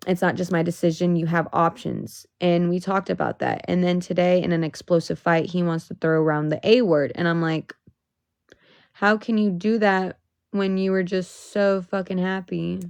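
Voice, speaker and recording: A woman's voice: on the low side, fairly even intonation, normal speed, creaky, a little mellow, smooth, no room sound, clean studio sound. A young woman venting on a casual livestream, emotional and swearing, rising into exasperated outbursts.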